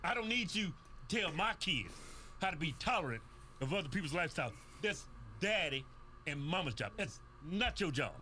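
A man on a comedic talk show giving blunt opinions in a loud, emphatic rant. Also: on the high side, big pitch swings, a little fast, slight background noise.

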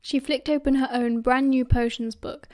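A woman with a British accent narrating an audiobook in a steady, expressive storytelling manner. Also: sits high, moderate pace. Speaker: audiobook reader.

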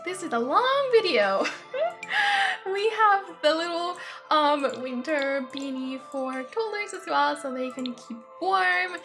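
A young woman reviewing a video game in excitable, gushing commentary, often gasping with delight. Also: high-pitched, slow pace, soft background music. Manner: gushing and excitable, frequent gasps. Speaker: gaming YouTuber.

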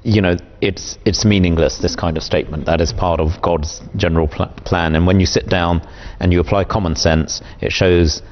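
A man hosting a studio panel discussion, calmly putting questions to his guests. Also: deep voice. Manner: measured, posing questions to panelists. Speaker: show host. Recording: dull lo-fi sound, faint noise.

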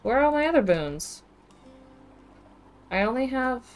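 Expressive woman streaming a game. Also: high-pitched, unhurried, faint music behind. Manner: expressive, exclaiming and reacting aloud. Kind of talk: casual live game commentary. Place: home with webcam.

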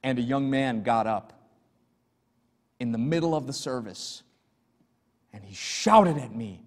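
A man's voice: mid-range voice, lively intonation, a little slow, long pauses. A male pastor preaching an earnest, emphatic sermon and telling stories to his congregation in a church sanctuary. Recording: long church hall reverb.

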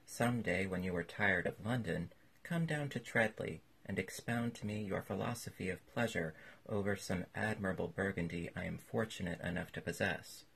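A man voices a courtly old literary gentleman, formal and polite, in a deep gravelly voice that is heavily husky, read like an old storybook. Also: moderate pace, exaggerated voice. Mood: courteous.

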